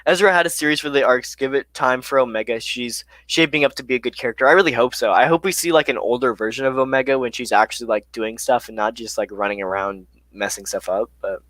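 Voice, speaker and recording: Young male streamer, middle pitch, dry close sound, chatty Q&A host. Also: fast, hardly any pauses, no echo. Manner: reads chat questions aloud, relaxed and chatty with many fillers. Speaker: live stream host answering viewer chat. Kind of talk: casual live-stream Q&A.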